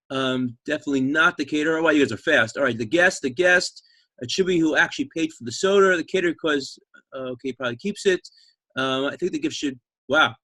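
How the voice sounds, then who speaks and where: A man teaching an online class, telling a story in an animated, chatty way and reading out viewer comments. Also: on the high side, fairly quick, dry recording.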